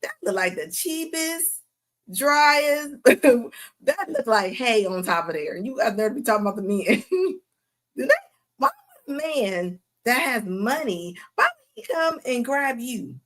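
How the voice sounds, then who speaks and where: A woman's voice: fairly high pitch, sing-song, a bit bright. A woman hosting a livestream, giving mocking reaction commentary with frequent laughter. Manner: laughing mocking banter, drawn-out asides. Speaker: host.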